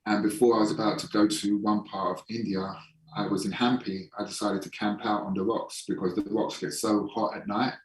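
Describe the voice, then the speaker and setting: Man with low voice in echoey room. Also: flat delivery, distant mic. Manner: frank, swears casually, slows for emphasis. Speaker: podcast guest, holistic performance coach. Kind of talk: casual storytelling interview. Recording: echoey room, voice somewhat off-mic.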